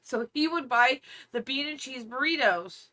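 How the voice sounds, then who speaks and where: A woman in her thirties co-hosting a podcast, telling funny stories in a casual, animated way and laughing often. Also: high-pitched, moderate pace. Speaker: podcast co-host. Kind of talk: casual storytelling chat.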